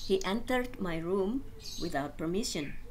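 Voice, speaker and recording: Slow, low-voiced woman reading phrase drills. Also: lively intonation, darkish tone, slight background noise. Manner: slow, deliberate repetition of each sentence. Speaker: language teacher.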